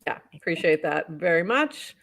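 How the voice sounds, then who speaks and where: A woman's voice: deep voice, big pitch swings, moderate pace, creaky, a bit bright. A woman co-hosting a casual talk show, upbeat, reading posts aloud and laughing often. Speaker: podcast co-host. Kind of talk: casual news roundup chat.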